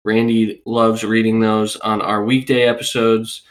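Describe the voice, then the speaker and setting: A man in his twenties with a cold, co-hosting a casual sports podcast in a rough, sick voice, rambling and laughing easily. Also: on the low side, unhurried. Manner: relaxed, rambling with fillers and laughs. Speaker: podcast co-host.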